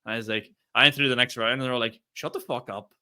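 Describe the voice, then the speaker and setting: A young Northern Irish man telling a long, animated story on a casual podcast, cursing freely and laughing as he goes. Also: medium pitch, quick pace, smooth. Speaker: podcast co-host.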